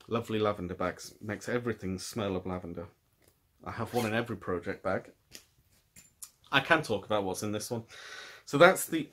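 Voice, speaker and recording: A British man with a fairly low voice hosts a knitting and crochet video podcast. He talks in a relaxed, rambling way, often restarting his sentences as he thinks aloud, recorded on a camera at table distance. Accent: British English. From United Kingdom. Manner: thoughtful, rambling, with frequent restarts. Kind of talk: casual chat.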